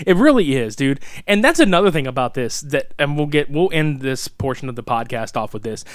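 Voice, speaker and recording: A man co-hosting a podcast in casual chat, profane and animated, laughing often. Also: mid-range voice, a little fast, no room sound, clean studio sound. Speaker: podcast co-host.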